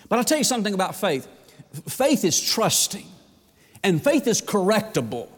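Man, pastor's sermon, emphatic rhetorical questions, high voice, echoey church hall. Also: very animated, moderate pace, breathy edge. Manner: folksy, emphatic, asks the crowd rhetorical questions.

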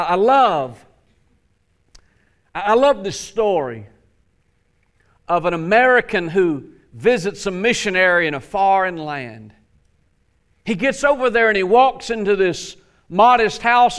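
A man's voice: sits high, fairly bright tone, smooth. A man preaching a sermon in a folksy, repetitive way that builds to emphatic peaks. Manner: folksy, repeats words, builds to emphatic crescendos. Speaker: pastor.

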